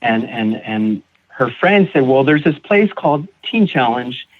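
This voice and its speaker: A man guest on a recovery podcast, telling his personal story in a halting way, repeating words and acting out what others said. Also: mid-range voice, sing-song. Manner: halting, repeats words, acts out quoted voices. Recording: tinny phone-like audio.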